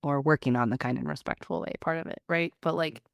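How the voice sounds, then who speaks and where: A middle-aged woman hosting a podcast in a casual, animated chat, often laughing and joking at herself. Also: low-pitched, fast talker, creaky, dry recording, studio quality. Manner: laughing, animated, self-mocking. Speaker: podcast host.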